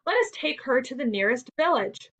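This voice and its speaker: A woman voicing a kindly, polite gentleman motorist in a storybook reading, speaking courteously. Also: high-pitched, lively intonation, moderate pace. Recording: dull lo-fi recording.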